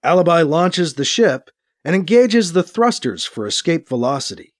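A man reading a science fiction story as narrator, in steady storytelling narration. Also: on the high side, normal speed. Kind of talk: scripted narration.

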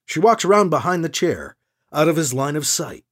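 Man narrating an animated sci-fi story. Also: on the high side, moderate pace. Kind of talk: audiobook narration.

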